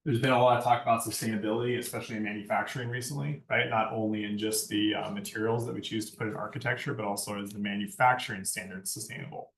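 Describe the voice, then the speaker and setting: A man's voice: on the low side, steady tone, fast, hardly any pauses, fairly bright tone. Lecturing man, echoey and far off. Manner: conversational, keeps asking "right?". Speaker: lighting design instructor. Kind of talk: classroom lecture. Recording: echoey room, far from mic.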